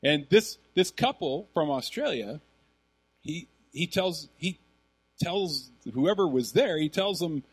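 A middle-aged man, preaching a sermon as a pastor in a conversational, animated storytelling manner. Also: a little high, slow, husky.

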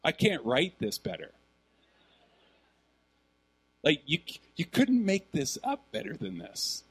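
A middle-aged man, preaching a sermon as a pastor in a conversational, animated storytelling manner. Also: fairly high pitch, moderate pace, husky.

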